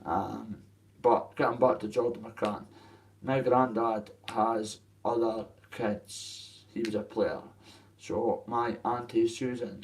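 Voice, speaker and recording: A man's voice: fairly low pitch, distant mic, poor audio. A young Scottish man talking to viewers in a rambling, emotional livestream chat, swearing freely. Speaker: streamer addressing viewers.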